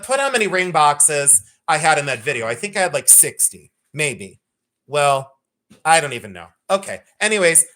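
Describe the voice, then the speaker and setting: Host for a live jewelry stream: a man, bright and animated, joking and teasing viewers, swears casually. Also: fairly high pitch. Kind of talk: live-stream sales chat.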